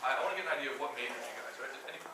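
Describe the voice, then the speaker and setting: Fast-talking man in an echoey room. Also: medium pitch, background noise. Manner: storytelling, animated, off-the-cuff. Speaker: guest speaker. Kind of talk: informal talk to students. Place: lecture room. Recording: roomy echo from a distance.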